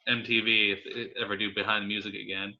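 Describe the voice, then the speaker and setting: A man's voice: on the low side, flat delivery, quick pace. A man hosting a casual interview, laid-back and informal. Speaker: interview host. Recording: dull lo-fi sound.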